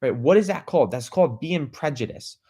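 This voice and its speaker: A man's voice: on the high side, lively intonation, brisk, dark tone, husky. A man hosting a podcast, giving a motivational talk that keeps asking the listener questions, tagging lines with "right?" and "okay?" and repeating words as he restarts. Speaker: podcast host.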